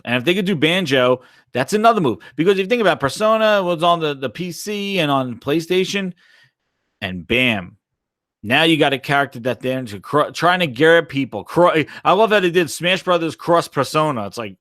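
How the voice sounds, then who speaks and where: A man's voice: fairly high pitch, moderate pace, no room sound, studio quality. A man hosting a casual gaming live stream, rambling and swearing as he answers chat. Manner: animated, profane, rambling.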